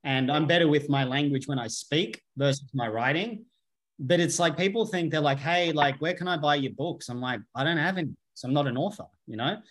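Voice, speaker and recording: A man talking bluntly and emphatically in a casual conversation, swearing freely as a podcast guest. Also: medium pitch.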